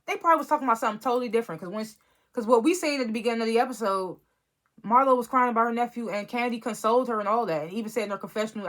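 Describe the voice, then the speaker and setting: A woman's voice: a little high, a bit bright. A woman giving a casual, rambling review of a reality TV episode, sounding exasperated and often restarting her sentences. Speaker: reality TV recap vlogger.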